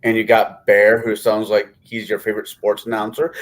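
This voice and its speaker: A man with a fairly low voice chimes in on a casual livestream. He makes quick jokes and teasing remarks at the others' expense. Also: completely flat delivery. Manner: joking, teasing asides. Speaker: panelist. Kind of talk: casual chat.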